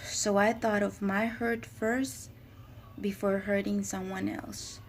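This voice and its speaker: Woman, personal reflection, hesitant, flat monotone, slow delivery. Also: mid-range voice, slight background noise. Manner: halting, hesitant, searching for words. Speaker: speaker sharing her own writings. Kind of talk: personal spoken reflection on faith.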